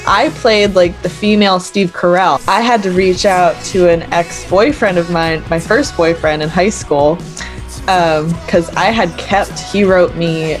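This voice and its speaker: Female podcast guest from the US, lower pitch, bubbly and self-mocking. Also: unhurried, faint music behind. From United States. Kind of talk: casual chat.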